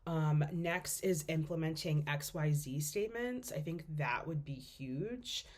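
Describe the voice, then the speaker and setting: A woman's voice: low-pitched, measured pace, darkish tone. A young woman giving a class presentation as a student, speaking casually with lots of fillers as she thinks aloud.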